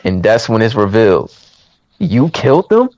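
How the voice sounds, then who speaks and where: A man's voice: lowish voice, moderate pace, dry recording, muffled recording. A man in casual chat, retelling a movie's plot and acting out the characters' lines. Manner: animated storytelling, acts out characters' lines. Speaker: movie recap podcaster.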